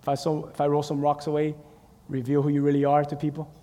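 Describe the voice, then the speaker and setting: A male pastor preaching a sermon with animated storytelling, putting questions to the congregation. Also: a little high, quick pace, long reverb tail.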